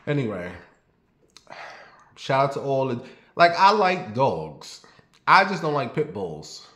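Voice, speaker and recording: A man's voice: medium pitch, sing-song, takes it slowly, fairly bright tone. Rambling New man, roomy echo. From New York. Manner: rambling, blunt and profane, talks straight to viewers. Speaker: vlogger. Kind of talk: casual storytelling monologue.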